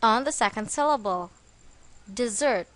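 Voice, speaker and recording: Slow, clear-spoken woman teaching English. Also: on the high side, animated, dry recording. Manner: slow, careful, stressing syllables. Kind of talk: scripted vocabulary lesson.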